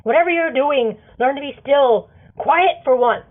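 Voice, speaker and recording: A woman's voice: high-pitched, measured pace, voice pushed up. A woman voicing a stern, impatient woman who gives curt orders, on a tinny phone recording.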